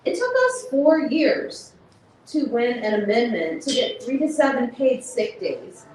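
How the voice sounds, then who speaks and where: A woman's voice: on the high side, sing-song, a little slow, a little mellow, a little hiss or hum. A woman organizer giving a passionate, emotional talk to an audience, laughing and close to tears as she speaks. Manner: passionate, laughs and nearly cries. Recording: echoey room, speaker far from mic.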